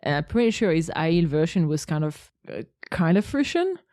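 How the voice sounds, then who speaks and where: A woman co-hosting a relaxed podcast, telling her news in a hesitant way full of fillers. Her voice is low-pitched and mellow, recorded close and dry. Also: moderate pace, dry recording. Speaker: podcast co-host. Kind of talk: casual chat.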